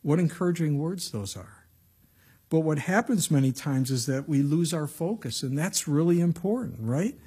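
A middle-aged male pastor preaching a sermon in a conversational way, acting out quotes with lively voices. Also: on the high side, normal speed, breathy edge.

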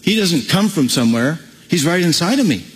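A man preaching a sermon as pastor, animated, breaking into playful acted-out asides. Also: a little high, brisk, long reverb tail, low-quality recording.

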